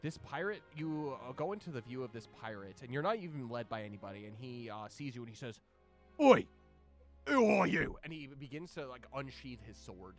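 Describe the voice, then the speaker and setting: Animated male game master narrating. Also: medium pitch, fast, few pauses, faint music behind. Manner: animated storytelling with fillers.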